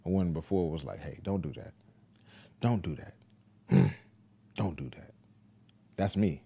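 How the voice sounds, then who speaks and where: A father talking casually to the camera, telling a parenting story in a laid-back, deliberate way. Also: low voice, animated, gravelly, mellow, slightly rough.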